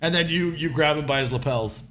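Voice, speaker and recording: A man's voice: a little high, brisk, a bit bright, slight background noise. A man narrating a tabletop role-playing game as game master, with a hesitant manner and plenty of fillers. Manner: hesitant, lots of fillers, laughing.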